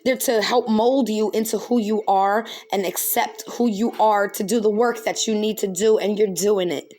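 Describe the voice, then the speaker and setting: A woman's voice: medium pitch, fairly even intonation, normal speed, a little mellow. A woman acting as a spiritual reader, speaking earnestly and reassuringly, often checking in with "okay?". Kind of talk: delivering a spirit message to someone.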